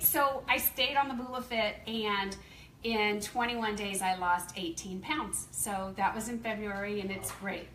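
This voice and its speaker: A woman's voice: mid-range voice, measured pace, reverberant, recorded from a distance, slight background noise, rough recording. A woman in her fifties from the American South, telling a chatty, laughing testimonial to a meeting audience. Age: 50s. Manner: chatty, laughing, animated storytelling. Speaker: company distributor speaking at a meeting.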